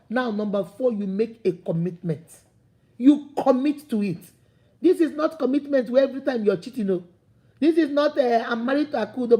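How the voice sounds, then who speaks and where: Delivering a motivational talk, this woman preaches with animation in a high voice that has a mellow, soft-edged tone. She makes her points by acting out the voices of imagined people.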